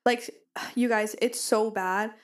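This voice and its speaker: A woman's voice: medium pitch, fairly even intonation, slow. A young woman co-hosting a podcast, chatting in a bubbly, rambling way and often calling out to listeners. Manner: bubbly, rambling, addresses listeners as "you guys". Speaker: podcast co-host. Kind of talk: casual chat. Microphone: studio mic with pop filter.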